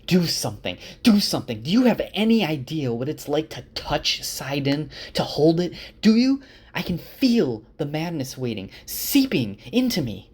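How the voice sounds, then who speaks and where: A man voicing a young male channeler who is defensive and quick to flare up, in a casual retelling. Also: on the low side, natural voice.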